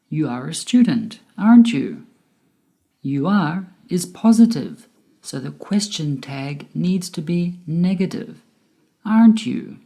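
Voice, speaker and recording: A woman with a low, mellow voice narrates a grammar lesson. She speaks at an unhurried pace and pronounces each word clearly, like a teacher reading from a script. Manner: slow, careful, clearly enunciated explanation. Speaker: English teacher.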